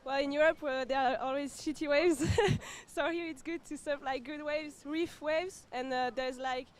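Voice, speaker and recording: A woman's voice: high-pitched, fairly even intonation, moderate pace, slight background noise. A French woman surfer with a French accent, answering a beach interview cheerfully. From France. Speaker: pro surfer. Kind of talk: post-heat beach interview.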